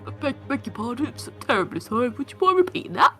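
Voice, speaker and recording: A woman's voice: sits high, normal speed, music in the background, voice pushed up, lightly acted. A woman voicing a weary old male judge who sounds like he is stifling a yawn. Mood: polite.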